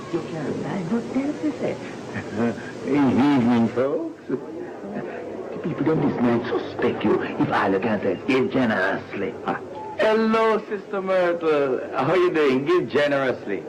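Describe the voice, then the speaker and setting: A wheedling Jamaican church treasurer. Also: male voice, medium pitch, very animated, a little slow. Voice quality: chummy, wheedling, chuckling asides. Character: scheming sweet-talking male church treasurer. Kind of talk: sitcom acting. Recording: noisy old TV recording.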